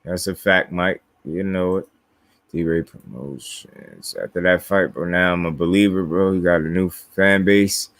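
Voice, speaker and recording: A man's voice: low-pitched, a little slow, a bit bright, no echo. A man from New Jersey with a New Jersey accent, hosting a casual boxing live stream, laid-back and slangy, chuckling as he reads viewer comments. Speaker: boxing livestream host.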